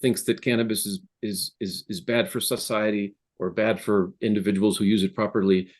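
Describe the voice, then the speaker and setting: Low-voiced man, halting interview guest. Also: little pitch movement. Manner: hesitant, many restarts and fillers. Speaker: app founder guest. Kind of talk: casual interview conversation. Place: home office.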